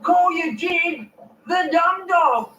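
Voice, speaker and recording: A man's voice: very high-pitched, slow, sharp tone, dull audio, a little hiss or hum, pitched above the performer's own voice, exaggerated voice. An Australian man voicing a cheeky male driver who calls out jokingly from his car. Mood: teasing. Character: cheeky adult male passing driver, jokey. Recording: distant, echoey mic.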